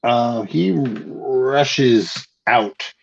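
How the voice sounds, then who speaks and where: A man narrating a tabletop game as game master, in a hesitant way with frequent pauses and restarts. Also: medium pitch, vocal fry. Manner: hesitant, lots of ums and restarts. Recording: dull lo-fi recording.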